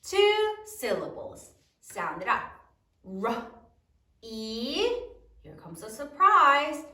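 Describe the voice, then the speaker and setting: Slow sing-song woman teacher. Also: high voice, wildly swooping pitch, pushed and bright, roomy sound, recorded from a distance. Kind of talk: spelling lesson to children.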